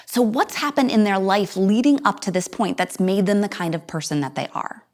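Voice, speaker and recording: A woman teaching an acting lesson to viewers at home, acting out each voice as she explains it and leaping suddenly high or low.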